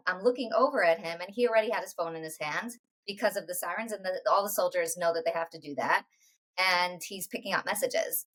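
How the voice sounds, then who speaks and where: A woman in her forties, a podcast guest, telling a personal story in a halting way, full of restarts and quoted dialogue. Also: lowish voice, fairly bright tone, rough recording. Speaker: interview guest.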